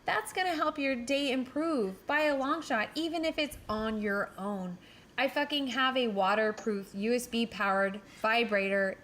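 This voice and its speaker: A woman's voice: a little high, normal speed, fairly bright tone. A woman co-hosting a casual podcast chat, blunt and swearing freely, laughing now and then as she talks. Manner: blunt, swears often, laughs mid-sentence. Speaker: podcast co-host.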